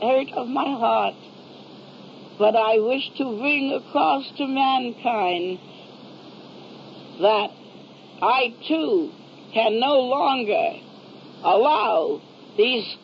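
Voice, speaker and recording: A woman speaking as an angry, grieving male divine voice during a religious vision, making slow, raised declarations. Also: sits high, gravelly, muffled recording, a little hiss or hum, exaggerated voice. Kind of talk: spoken religious vision message.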